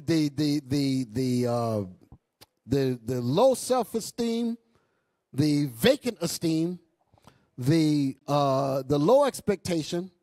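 A male bishop preaching a sermon with impassioned bursts and low asides, calling out to the congregation. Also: darkish tone, no room sound. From New York. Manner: calls out to the congregation. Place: church hall.

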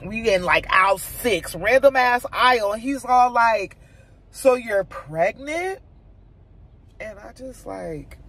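A woman mom vlogger chatting casually to her viewers, telling a personal story in an animated, chatty way. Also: on the low side, a little hiss or hum.

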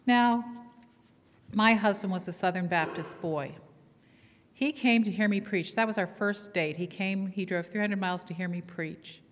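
A woman's voice: mid-range voice, normal speed. A woman pastor preaching a sermon with playful storytelling, drawing call-and-response from her congregation. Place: church sanctuary. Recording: long hall reverb in church.

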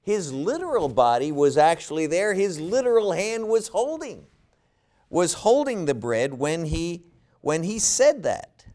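Slow, lively-pitched male Bible teacher. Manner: asks rhetorical questions, repeats words while thinking. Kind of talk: Bible study lecture.

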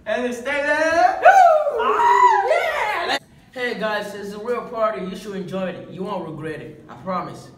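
A man's voice: high voice, huge pitch swings, unhurried, recorded from a distance, very noisy, full character voice. A teenage boy playing a reckless party-loving guy who whoops and urges others to join in. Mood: hyped. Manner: hyped, whooping. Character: male party-loving dealer, hyped and reckless. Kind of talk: teen drama project. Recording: echoey, off-mic, loud music.

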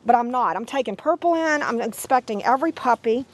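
Hoarse woman chatting to puppies. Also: on the high side, expressive, fairly quick. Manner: rambling, chatty, sing-song baby talk to puppies. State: hoarse from laryngitis. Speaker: dog breeder. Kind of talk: casual vlog. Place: outdoor yard.

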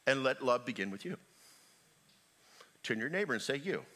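A middle-aged male pastor preaching a sermon in a church, joking with the congregation and swinging from loud calls to near whispers. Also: mid-range voice, normal speed, a little hiss or hum. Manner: animated, joking preacher with big swings in loudness. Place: church sanctuary.

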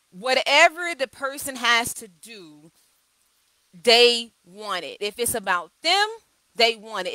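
A woman coach speaks live to her viewers in a high, bright, sharp-edged voice. She tells candid stories and repeats her key phrases for emphasis. The sound is dry and close, with no room echo. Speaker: communication coach. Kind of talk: live video talk.

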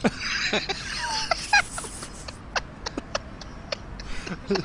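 A man chatting casually while playing a game, animated and laughing. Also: extremely high pitch, extremely slow, noisy background. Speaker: game player. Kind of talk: casual gaming chat.

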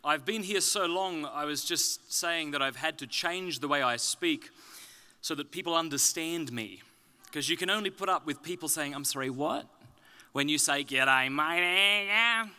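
A man from Australia with an Australian accent softened toward British, giving a conference talk with dry, self-deprecating humor. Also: on the high side, normal speed. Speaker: conference speaker. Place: conference venue.

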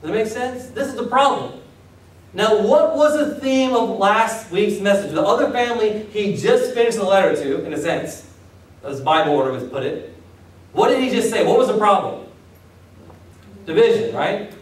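A high-voiced male pastor preaches to his congregation in a casual, conversational way, acting out little asides and checking in with questions. The sound echoes through a large hall, picked up from some distance off the mic. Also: expressive, moderate pace. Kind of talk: sermon. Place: church hall.

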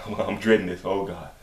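Guy cussing through a reaction vid, kinda far from the mic, echoey room with faint hiss. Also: sits low. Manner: profane, excitable, shouts and laughs at clips. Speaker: reaction video host. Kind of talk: casual reaction commentary.

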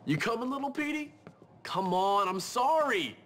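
Gary, a sneering teen bully. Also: male voice, very high-pitched, very animated, normal speed, fairly bright tone, full character voice. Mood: mocking. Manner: mocking, sing-song sarcasm. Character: scheming sarcastic teenage boy bully. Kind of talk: video game cutscene acting.

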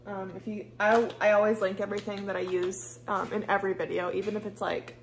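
Casting: young Midwestern woman with a Valley girl accent and gravelly fry. Loose, rambling chatter full of "like". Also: medium pitch, flat delivery, brisk, slight background noise. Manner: chatty, rambling, heavy use of "like". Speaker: beauty vlogger. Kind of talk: casual get-ready-with-me chat. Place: at home doing makeup.

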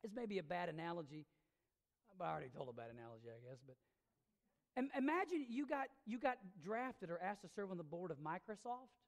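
Lively, gravelly woman preaching in a church hall. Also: fairly low pitch, fast. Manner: emphatic, conversational preaching. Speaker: pastor. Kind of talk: sermon. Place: church sanctuary. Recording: long reverb of a church hall.

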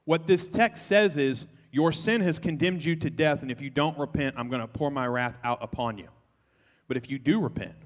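A man preaching a sermon as pastor, moving between quiet, confessional passages and loud, forceful exhortation. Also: mid-range voice, big-room sound.

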